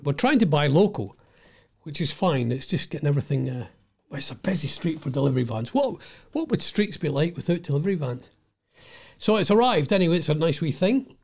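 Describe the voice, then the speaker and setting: A man's voice: on the high side, creaky, darkish tone. An older Scottish man chatting at home in a casual, digressive monologue, often losing his thread. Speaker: vlogger.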